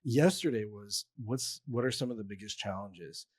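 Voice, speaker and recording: A man hosting an interview podcast, chatting casually while fighting a cold, relaxed and quick to joke. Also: fairly low pitch, husky, no echo, clean studio sound. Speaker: podcast host.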